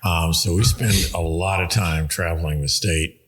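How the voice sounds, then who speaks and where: A man, a winemaker guest on a podcast, speaks in a measured, unhurried way with many pauses and ums. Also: low voice, a little hiss or hum. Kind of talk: casual podcast conversation.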